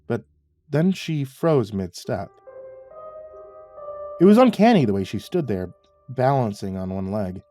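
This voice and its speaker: Mellow low-toned guy reading a creepy story, wry and even, faint music behind. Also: measured pace, long pauses. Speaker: narrator. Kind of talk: scripted horror story narration.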